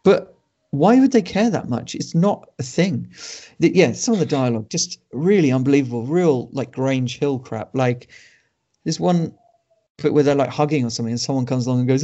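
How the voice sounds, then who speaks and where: A man co-hosting a film podcast, reviewing a movie in a dry, sardonic way with many pauses and ums. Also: medium pitch, expressive, mellow. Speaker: podcast co-host reviewing films. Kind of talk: casual film review chat. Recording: dull lo-fi podcast audio.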